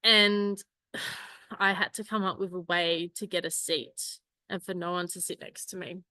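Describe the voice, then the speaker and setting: A woman in her forties giving an impromptu speech, telling a personal story in an animated way. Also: lowish voice, unhurried, no room sound. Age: 40s. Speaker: club speaker.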